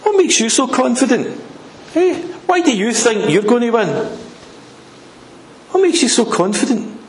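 A preacher acting out a scornful enemy commander who shouts goading questions upward in a high, strained voice. The sound is roomy, with a faint hum in the background. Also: male voice, very animated, a little slow, full character voice. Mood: mocking. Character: taunting male enemy army commander shouting up at a wall.

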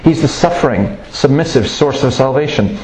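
A man's voice: medium pitch, expressive, normal speed, a little mellow. A man preaching with earnest emphasis and a mid-range voice. He leans into the points he stresses and slips into stories as he goes. The sound carries a roomy echo. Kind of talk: sermon. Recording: roomy, echoey room sound.

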